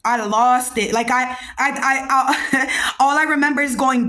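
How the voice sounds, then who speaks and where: A young woman hosting a podcast, telling a story in a casual, animated and slangy way and talking straight to her listeners. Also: sits high, moderate pace. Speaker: podcast host.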